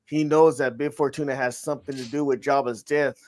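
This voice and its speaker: In a dry, clean studio recording, a man with a medium-pitched, fairly even voice speaks briskly while co-hosting a podcast. His talk is casual and loose, and he often restarts sentences as he lays out a story idea.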